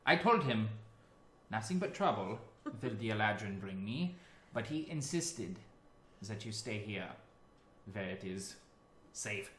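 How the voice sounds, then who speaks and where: A man's voice: lowish voice, very animated, unhurried, pauses often, a bit bright, roomy sound, a little hiss or hum. A man doing a nervous stooped robot man. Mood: fretful, formal. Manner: fussy, formal and fretful.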